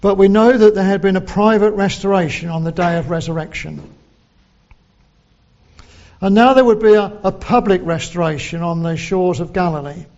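Male preacher, sermon, high voice, slow deliberate delivery, dull lo-fi sound. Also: fairly even intonation, a little mellow. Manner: slow, deliberate, quoting scripture in old English.

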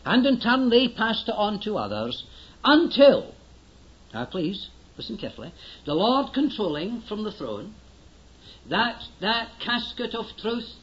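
A man's voice: sits high, a bit bright, muffled recording, a little hiss or hum. An older man preaching a sermon in an earnest, emphatic way, often urging his listeners to listen closely.

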